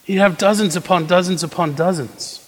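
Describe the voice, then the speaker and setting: A man's voice: high voice, a little fast, slightly rough, long reverb tail, low-quality recording. A man preaching a sermon in a conversational way, acting out quoted prayers and tossing asides to the congregation. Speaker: pastor.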